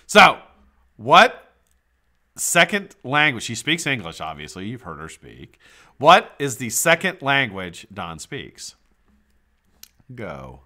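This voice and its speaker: A man hosting a live stream trivia giveaway in casual chat, swearing freely and jumping into loud excited shouts. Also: medium pitch, takes it slowly, pauses often. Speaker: livestream host running a trivia giveaway. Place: home streaming setup.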